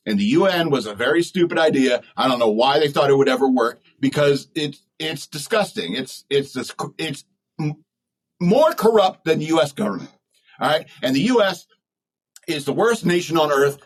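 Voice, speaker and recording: A man holds forth on his own podcast with a husky, slightly rough voice. He rambles bluntly and chuckles at his own jokes as he goes. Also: a little high, poor audio. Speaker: podcast host. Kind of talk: opinionated solo talk.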